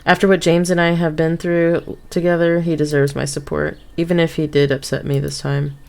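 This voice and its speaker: Low gravelly woman streamer reading game text. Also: little pitch movement, moderate pace, a little mellow. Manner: reads game text with asides and self-corrections. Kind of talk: reading a visual novel game aloud on stream. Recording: game music behind the voice.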